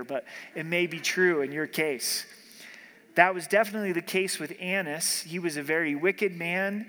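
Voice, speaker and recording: Guy preaching a bible study, bit high-pitched, asks the room questions, big hall reverb. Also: bright, forceful tone. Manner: preaching, slows down to read scripture, rhetorical questions. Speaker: pastor. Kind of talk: sermon.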